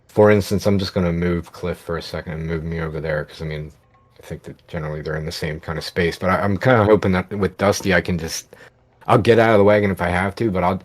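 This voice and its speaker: A man playing a tabletop game, casual and rambling as he thinks aloud. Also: sits low. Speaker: player.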